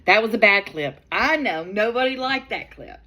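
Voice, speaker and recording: A middle-aged woman hosting her own channel, chatting in a drawn-out, exasperated way as she comments on video clips. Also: medium pitch, lively intonation, sharp tone, slight background noise.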